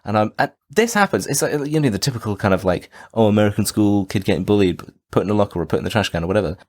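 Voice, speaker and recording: Male co-host, low and animated, joking through a casual film rundown. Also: very fast. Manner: animated, jokey, quotes characters in silly voices. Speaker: podcast co-host. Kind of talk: casual film review chat.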